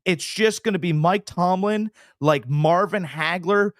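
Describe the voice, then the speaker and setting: A man co-hosting a sports betting podcast, talking casually with big exaggerations and quick impressions. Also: high-pitched, dry recording, clean studio sound. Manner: animated, hyperbolic, jumps into little impressions. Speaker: podcast co-host.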